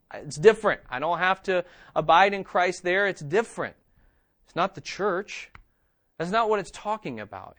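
A man delivers a sermon in a relaxed, conversational way, circling back to the same phrases for emphasis. His voice sits fairly high for a man. He keeps checking in with his listeners through quick asides. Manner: conversational preaching, repeats phrases for emphasis, asks "okay?" and "right?". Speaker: pastor.

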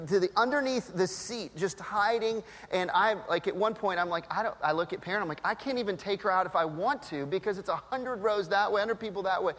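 A man in his thirties preaches to a congregation, weaving a family story into his sermon. His voice sits high and he animates the tale by acting out the voices. The sound carries a long reverb, as in a large church hall. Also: fairly bright tone. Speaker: pastor.

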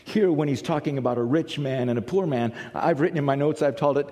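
A man from the United States preaching a sermon, telling stories with animated swings from loud to hushed. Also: fairly high pitch, quick pace. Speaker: pastor. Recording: long reverb of a large hall.

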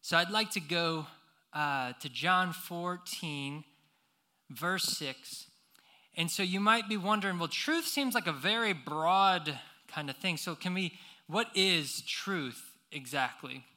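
Bright high-voiced man preaching slowly. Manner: animated storytelling, many fillers and restarts. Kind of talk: sermon with personal story.

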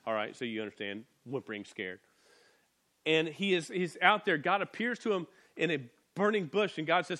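A man, a pastor, preaching a conversational, animated sermon and acting out voices along the way. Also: on the high side, normal speed.

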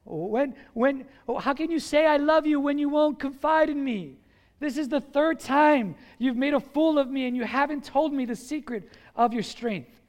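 Give me a man putting on a shrill, insistent, wheedling woman, pushing hard for a secret. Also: moderate pace. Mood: pleading. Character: nagging pleading woman, Delilah. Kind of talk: sermon retelling with voices.

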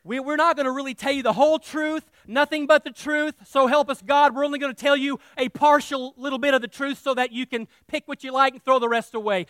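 A man preaching a sermon as pastor, passionate and folksy, swinging between shouting and hushed reading. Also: extremely high pitch, steady tone, fairly quick, few pauses, no echo. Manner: folksy and emotional.

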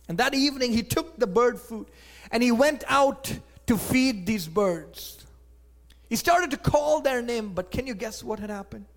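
A man tells a moral story in a very high voice, unhurried and deliberate. He shifts freely from loud, emphatic lines to hushed near-whispers. His delivery is expressive and dramatic throughout.

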